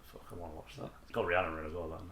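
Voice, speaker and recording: A man's voice: sits low, little pitch movement, racing, vocal fry, crowd noise. A man co-hosting a casual film podcast, laid-back, swearing and laughing often. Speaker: podcast co-host. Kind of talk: casual chat. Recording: echoey room.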